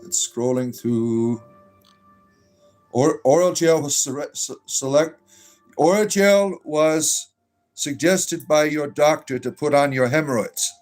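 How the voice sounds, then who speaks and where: A man's voice: on the high side, slow pace, a little mellow, faint music behind. Joking druid bard streamer, man. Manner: joking, reacts to chat messages, blesses viewers. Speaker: livestream host reading chat. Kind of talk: casual livestream chat.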